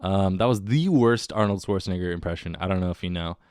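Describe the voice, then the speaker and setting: A man's voice: deep voice, quick pace, a little mellow, smooth, dry recording, clean studio sound. A man hosting a casual solo podcast, rambling and joking at his own expense, wired on coffee. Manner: rambling, self-mocking and jokey. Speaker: podcast host.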